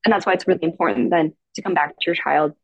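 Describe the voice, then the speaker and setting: A woman giving parenting advice in a casual podcast chat, calm and explanatory, with many "like"s. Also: fairly low pitch, fast talker, no echo, lo-fi sound. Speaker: parenting educator guest.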